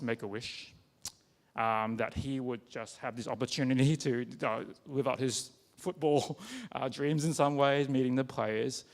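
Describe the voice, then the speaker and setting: A man giving a personal sermon, talking conversationally with halting restarts and many fillers. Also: medium pitch. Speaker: preacher. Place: church. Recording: long reverb of a church hall.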